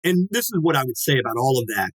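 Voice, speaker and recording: A man's voice: mid-range voice, fast talker, dry recording, poor audio. Man in his sixties telling a story. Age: 60s. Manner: lively, acts out quoted dialogue, swears casually. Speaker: guest. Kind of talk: casual anecdotal storytelling.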